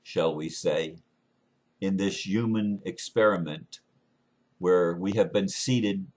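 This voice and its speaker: A man from the United States talking in an earnest, unscripted monologue, often halting and restarting his phrases. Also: deep voice. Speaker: speaker sharing beliefs.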